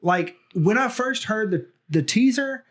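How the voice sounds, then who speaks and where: Chatty high-voiced male podcast host. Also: expressive, measured pace. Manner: chatty, with frequent fillers and restarts. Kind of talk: casual fan discussion.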